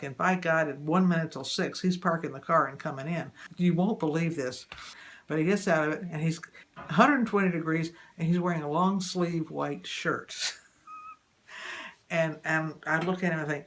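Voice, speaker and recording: An older woman telling how she met her husband in a relaxed interview, lively and laughing as she acts out her own thoughts. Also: low voice, moderate pace. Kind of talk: casual reminiscing interview.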